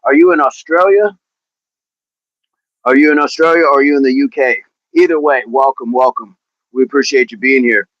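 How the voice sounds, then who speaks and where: A man's voice: medium pitch, moderate pace, a bit bright. A chatty man hosts a daily fitness livestream, reading viewer comments aloud as he stretches. His voice sits in an ordinary middle range. The sound is dull and lo-fi, with no room echo. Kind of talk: casual livestream chat while stretching.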